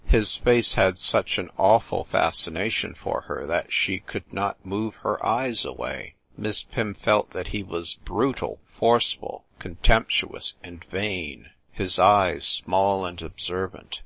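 Brief: male audiobook narrator, very deep and slow, close dry sound. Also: lively intonation, gravelly, a bit bright, no room sound. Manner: measured, deliberate reading.

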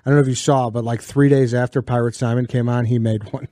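A man's voice: mid-range voice, steady tone, fast, mellow, dry recording. An easygoing man with a mid-range voice co-hosts a casual podcast, mostly giving short replies and joking asides. The sound is dry and close. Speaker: podcast co-host. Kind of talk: casual chat.

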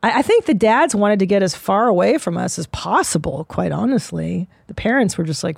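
A woman in her forties hosting a comedy podcast, talking in a blunt, profane, animated way. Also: mid-range voice, moderate pace, creaky, no room sound. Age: 40s. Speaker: podcast host. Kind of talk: casual comedic chat.

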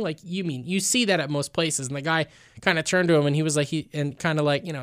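A man's voice: fairly high pitch, a little fast, dry recording, clean studio sound. A man co-hosting a podcast, telling stories in a chatty way and laughing as he goes. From New York. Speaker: podcast co-host. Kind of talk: casual chat.

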